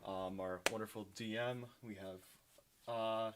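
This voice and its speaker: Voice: medium pitch, a little slow, noisy background. A host opening a tabletop game stream over an online call, talking in a casual, upbeat way. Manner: animated, upbeat. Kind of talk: casual chat.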